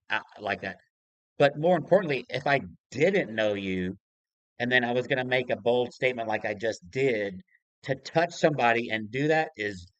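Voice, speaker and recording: A man's voice: medium pitch, a bit bright, no room sound, low-quality recording. A man hosting a casual conversation, opinionated, often restarting his sentences. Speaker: host.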